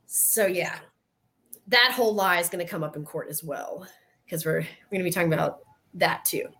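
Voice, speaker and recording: A woman's voice: lowish voice, moderate pace, fairly bright tone. A woman with a Southern US accent, hosting a podcast in casual chat, telling stories animatedly and acting out quotes. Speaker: podcast host.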